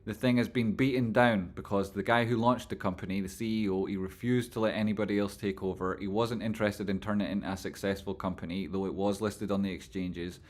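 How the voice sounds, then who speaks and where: Guy rambling on his live stream, swears a lot, kinda low voice. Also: fairly even intonation, a little fast, hardly any pauses. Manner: rambling, swears, talks back to chat. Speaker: livestream host reading chat. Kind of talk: casual livestream chat.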